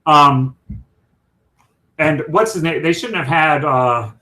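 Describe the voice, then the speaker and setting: Man, co-host, casual chat, rambling, talkative, a bit high-pitched. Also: slow, bright, forceful tone, low-quality recording. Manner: rambling, chatty.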